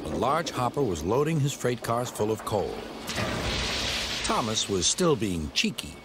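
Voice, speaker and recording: A man narrating a children's storybook in a playful, expressive way. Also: mid-range voice, a little slow, heavy background noise. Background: music.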